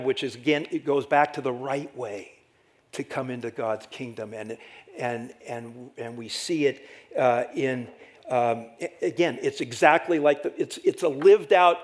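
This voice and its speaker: A middle-aged man preaching a sermon as pastor, animated and rhetorical, often tagging lines with "right?". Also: medium pitch. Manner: animated, rhetorical "right?" asides, dramatic acted quotes.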